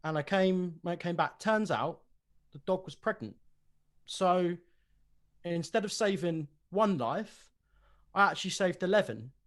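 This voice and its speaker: An earnest young devotee, played by a man in a tabletop game. He tells his tale eagerly in a slightly high voice. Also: lively intonation, measured pace, pauses often, a bit bright.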